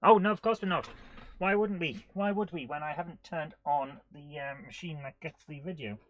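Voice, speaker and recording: A man's voice: fairly high pitch, normal speed, no room sound. A man hosting a live game stream, chatting casually and rambling through jokey rhymes and silly asides while often laughing.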